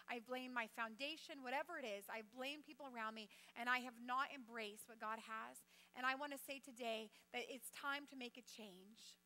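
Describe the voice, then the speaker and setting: High voiced woman giving a sermon in church, bright, keeps asking the crowd stuff. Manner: animated, talks straight to the congregation with questions. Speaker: guest speaker.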